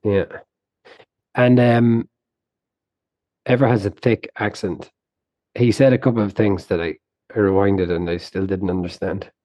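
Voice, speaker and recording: A man co-hosting a casual podcast, talking in a relaxed, reflective way. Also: on the low side, a little slow, pauses often, no room sound. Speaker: podcast co-host. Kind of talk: casual chat.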